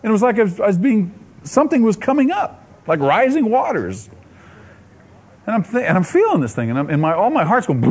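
Animated man preaching a personal testimony. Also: on the high side, a little fast, a little hiss or hum. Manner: animated, acts out his own inner voices; laughs often while telling. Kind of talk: sermon testimony storytelling.

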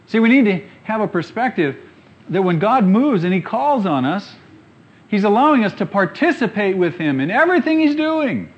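A man preaching a sermon emphatically, dropping quiet and then rising loud. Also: high voice, lively intonation, normal speed, dull audio. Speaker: pastor.

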